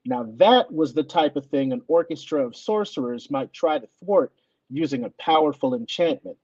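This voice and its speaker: A man reading his ghost story aloud to an audience, in an expressive, lively way. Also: fairly high pitch, normal speed, no echo, lo-fi sound.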